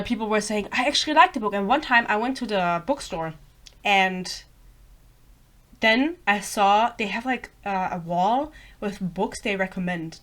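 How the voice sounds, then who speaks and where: A woman's voice: medium pitch, a bit bright. A bilingual woman ranting about a book in a casual vlog, blunt and sarcastic, swearing freely and wandering off into tangents. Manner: rambling, self-interrupting tangents. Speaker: book reviewer.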